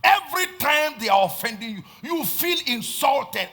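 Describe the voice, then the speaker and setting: A man with a Nigerian accent preaching a sermon, swinging between shouted lines and hushed asides and repeating phrases for emphasis. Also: extremely high pitch, very animated, normal speed, vocal fry, few pauses. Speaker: pastor.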